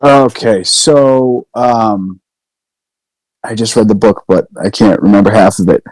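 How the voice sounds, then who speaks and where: A man speaking as a podcast guest, hesitant and halting with many fillers. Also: on the low side, a little mellow, slight background noise, poor audio. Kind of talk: casual chat.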